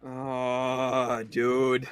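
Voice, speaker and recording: A young man hosting a sports livestream, reacting in an exasperated rant that swings between loud outbursts and low mutters. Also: completely flat delivery, very slow, clear, resonant tone, dry recording, soft background music. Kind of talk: live reaction commentary.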